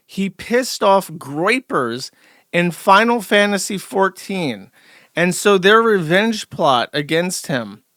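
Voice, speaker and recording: Male stream host, gravelly voice, dry sound, sardonic rambler. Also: fairly high pitch, a bit bright, no echo. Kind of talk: casual live-stream commentary.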